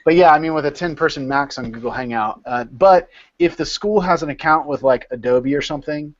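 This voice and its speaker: A man's voice: on the high side, brisk, lo-fi sound. A man leading an informal study session over a video call, explaining step by step and repeating words as he thinks.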